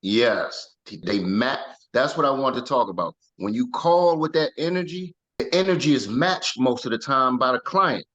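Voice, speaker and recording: Man, mid-pitched voice, chatty, jumps in, dull muffled audio. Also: lively intonation, moderate pace, a bit bright. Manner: chatty, jumps in with praise and laughter. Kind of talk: casual team meeting talk.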